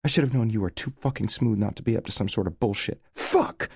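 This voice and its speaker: A man reading a novel aloud voices a furious, hurt young woman who shouts sharply and sounds near tears. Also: mid-range voice, little pitch movement, a little fast, vocal fry, dry recording, studio quality, pitched above the performer's own voice, natural voice. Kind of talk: audiobook character voice.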